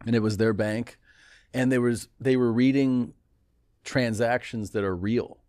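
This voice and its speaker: A man's voice: mid-range voice, measured pace, no room sound, studio quality. A man in casual podcast chat, telling stories and acting out the people he quotes. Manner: animated storyteller, acts out quoted texts.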